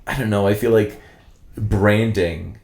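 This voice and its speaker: A man co-hosting a podcast, halting and reflective in casual discussion. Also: lowish voice, fairly even intonation, creaky, darkish tone. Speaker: podcast co-host. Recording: roomy echo.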